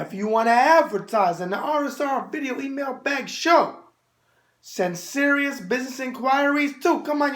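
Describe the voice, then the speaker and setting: A man's voice: sits high, gravelly, a bit bright. A middle-aged man with a New York accent hosting a boxing show, answering viewer mail in brash wise-guy banter.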